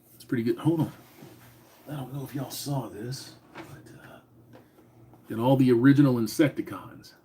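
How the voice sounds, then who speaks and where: A man in his forties hosting a casual live stream, talking loosely with lots of swearing and reading out names from the chat. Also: medium pitch. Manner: profane, rambling, reads chat names aloud. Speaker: livestream host.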